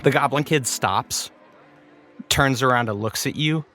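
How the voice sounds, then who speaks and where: A man's voice: medium pitch, measured pace, sharp tone. A man narrating a tabletop role-playing game as game master, describing scenes in a loose, storytelling way.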